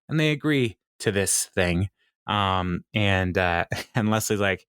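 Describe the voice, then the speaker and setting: A man co-hosting a podcast, recapping a sitcom episode in casual, animated, opinionated chat. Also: low-pitched, slow pace, smooth, no room sound, clean studio sound.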